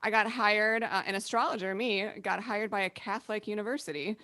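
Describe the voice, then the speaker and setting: A woman astrologer chatting casually on a podcast, laughing often and acting out quick quoted remarks from clients. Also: medium pitch, fairly even intonation, bright, forceful tone, no echo, clean studio sound.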